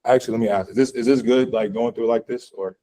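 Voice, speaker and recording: A man's voice: mid-range voice, steady tone, fast talker, mellow, poor audio. Guy teaching physics in a classroom, chatty, full of likes, keeps asking the room questions. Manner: conversational, lots of fillers, asks the class questions. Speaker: physics instructor. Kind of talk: classroom lecture. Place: classroom, also streamed online.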